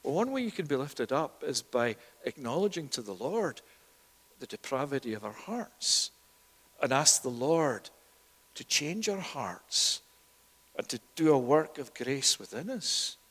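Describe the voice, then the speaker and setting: A man's voice: medium pitch, very animated, a little slow. A man preaching a sermon in church, emphatic, often repeating words. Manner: emphatic, rising and louder at key points, with repeated words. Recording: long echo of a church hall.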